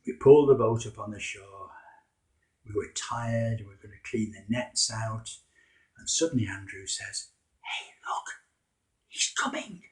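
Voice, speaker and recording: A man's voice: lowish voice, fairly even intonation, normal speed, darkish tone. A man telling a story in the first person as a fisherman disciple, in a wry, conversational, self-mocking way.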